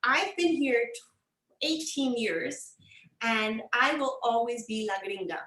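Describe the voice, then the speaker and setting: Animated New woman, high and roomy. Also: normal speed. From New York. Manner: animated, acts out quoted voices. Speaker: guest. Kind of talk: casual interview chat.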